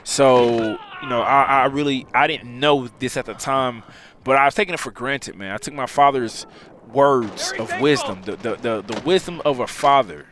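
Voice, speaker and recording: A man's voice: medium pitch, moderate pace, background noise. A man, a gaming channel host, speaking a heartfelt personal monologue, choked up and repeating himself in a preacherly way. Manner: heartfelt, repetitive, preacherly phrasing.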